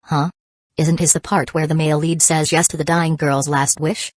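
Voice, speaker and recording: A woman voicing a playful, teasing teenage girl with a weak heart, soft and a little breathless. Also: low voice, level tone, moderate pace, no echo, clean studio sound.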